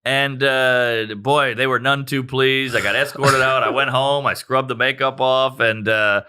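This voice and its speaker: Bright-voiced profane comic man. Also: mid-range voice, measured pace, smooth. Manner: profane, animated anecdote-telling. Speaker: stand-up comedian guest. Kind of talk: comedic storytelling in casual chat.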